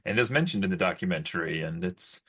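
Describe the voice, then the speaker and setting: A man's voice: sits low, lively intonation, quick pace, a bit bright, slightly rough. A man co-hosting a casual podcast chat, hedging his words and steering the talk along. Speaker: podcast co-host.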